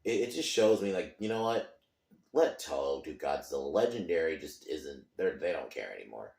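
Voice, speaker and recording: A man's voice: a bass voice, big pitch swings, moderate pace, creaky, darkish tone, echoey room. A man ranting in a movie review, frustrated and emphatic, swearing often.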